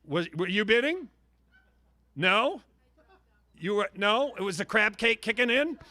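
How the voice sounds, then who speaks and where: Man, charity auctioneer, high voice, bright tone, energetic joking patter. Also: measured pace, no echo. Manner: energetic, joking, teasing bidders by name.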